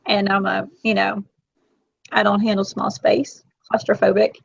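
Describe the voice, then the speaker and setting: A woman in her forties hosting a casual live chat, talkative and emotional, quick to tear up. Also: medium pitch, flat delivery, vocal fry, husky, no room sound. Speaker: host. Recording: dull, lo-fi, dry.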